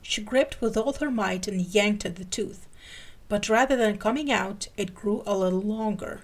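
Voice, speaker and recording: A woman podcast host giving an expressive dramatic reading of fan fiction. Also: mid-range voice, moderate pace.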